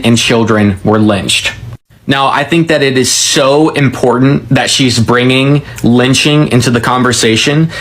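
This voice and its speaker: A man presenting history commentary in a measured, explanatory way. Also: medium pitch, fairly bright tone. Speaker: history educator. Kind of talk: scripted commentary.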